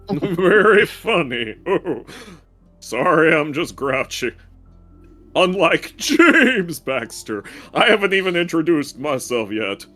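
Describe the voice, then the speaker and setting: Streamer guy reading a grumpy slow-talking garbage man, swoopy tone, game music faint behind. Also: on the high side, sing-song, bright, forceful tone, full character voice. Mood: grouchy. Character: grouchy male garbage worker, hardworking. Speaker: voicing a game character.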